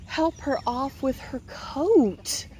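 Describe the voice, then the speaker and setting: A woman's voice: high voice, animated, takes it slowly, warm tone, a little hiss or hum. Playful woman reading a picture book. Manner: playful, wry running commentary. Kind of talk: reading a picture book aloud with joking asides.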